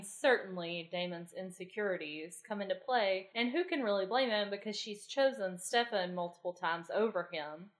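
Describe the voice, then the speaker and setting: A woman co-hosting a podcast, chatting casually and eagerly recapping a TV episode. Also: medium pitch. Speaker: podcast co-host.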